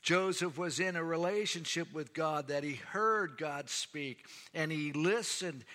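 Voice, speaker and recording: A man preaching a sermon, measured and rising to emphatic declarations. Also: on the high side, a bit bright. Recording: long hall reverb.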